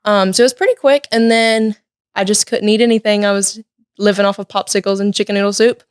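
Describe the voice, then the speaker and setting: Teen woman guest, lively casual storyteller, filler-heavy, dry studio sound. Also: mid-range voice, brisk, clear, resonant tone, no room sound. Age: late teens. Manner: lively, chatty, many "like" and "um" fillers. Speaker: podcast guest. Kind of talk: personal storytelling. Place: podcast studio.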